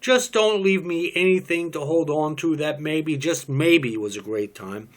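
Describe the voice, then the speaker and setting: A man cold-reading a stage play, voicing a distraught, bitter pregnant young woman in loud, shrill outbursts. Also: measured pace, close to an everyday voice.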